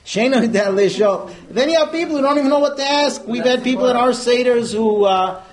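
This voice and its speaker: A man in his thirties teaching an informal religious class, telling stories with quick asides and many Hebrew terms. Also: very high voice.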